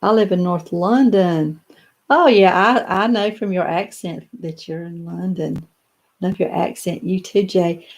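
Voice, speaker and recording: A woman's voice: fairly low pitch, measured pace. Chatty older woman on a live stream. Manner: chatty and rambling, with many fillers and restarts. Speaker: doll collector hosting a live stream. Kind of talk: casual live-stream chat, answering viewer comments. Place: home office lined with doll showcases.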